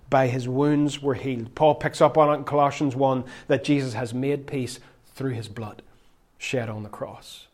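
A man preaching a sermon, swinging from loud, emphatic phrases to near-whispers and lingering on single words. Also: mid-range voice.

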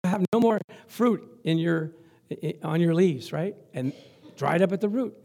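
A male pastor preaching a lively sermon, chuckling often and reading scripture aloud. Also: high voice, unhurried, gravelly.

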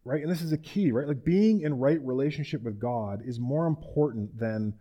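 A man's voice: medium pitch, normal speed, warm tone, dull audio. A man preaching a casual, conversational sermon, retelling a scripture story and asking his listeners rhetorical questions.

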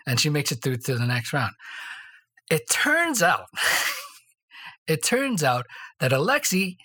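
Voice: mid-range voice, huge pitch swings, slow, sharp tone, husky. A podcast co-host telling stories in a casual faith discussion, rambling along and tagging sentences with "right?". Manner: rambling storyteller, tags lines with "right?".

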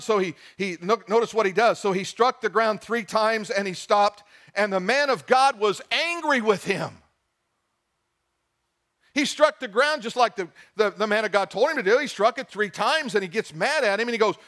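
A man with a high, light speaking voice preaches a sermon. He reads scripture aloud and presses each point home, stopping to put questions to the congregation. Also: expressive, normal speed, a bit bright. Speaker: pastor.

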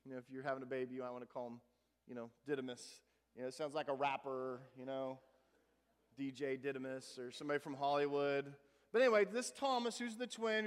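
High-voiced man preaching in a reverberant hall. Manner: conversational, with folksy asides and repeated words; swings between emphatic and hushed. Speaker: pastor. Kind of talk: sermon.

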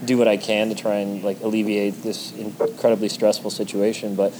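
A man's voice: on the low side, little pitch movement, fairly quick, darkish tone, rough recording. A man in casual conversation, speaking earnestly and reflectively, often restarting his sentences. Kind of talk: casual chat. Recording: noticeable background noise.

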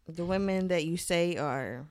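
A woman co-hosting a podcast, asking quick, probing questions in casual chat. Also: on the low side, a little mellow, no echo, clean studio sound. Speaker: podcast co-host.

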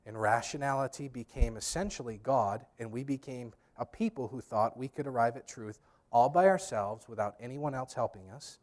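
A man's voice: mid-range voice, normal speed, a little mellow. A man preaching a sermon as pastor. He speaks emphatically, addresses the congregation directly and drops in humorous storytelling asides.

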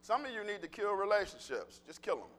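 A male pastor giving a lively, humorous sermon, talking conversationally with the congregation and laughing at his own jokes. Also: high-pitched, a little fast. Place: church sanctuary. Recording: long reverb of a church hall.

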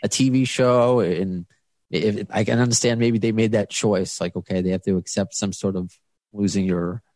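A man's voice: on the low side, fairly even intonation, moderate pace, darkish tone, no room sound. A man hosting a podcast interview, talking casually and rambling with many restarts and fillers. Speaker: podcast host.

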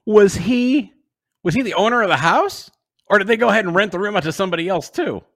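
Lively, teasing male podcast host. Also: high-pitched, fast talker, dry recording, studio quality. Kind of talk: casual interview chat.

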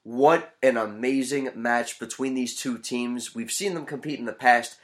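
Excitable man recapping wrestling matches. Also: mid-range voice, measured pace. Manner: play-by-play recap, bursts into shouting. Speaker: podcast host. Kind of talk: excited wrestling podcast chat.

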